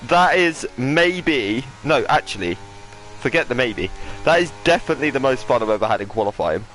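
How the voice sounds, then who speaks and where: A man commentating an online racing league qualifying session, excitable and rising to shouts when lap times come in. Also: mid-range voice, moderate pace, faint music behind. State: out of breath. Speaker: lead commentator. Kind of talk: esports race commentary.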